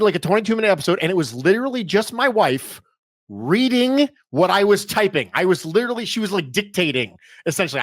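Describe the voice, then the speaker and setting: Animated male podcast guest, slightly higher voice. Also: no echo, clean studio sound. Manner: animated storyteller, emphatic repetition. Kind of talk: casual podcast interview.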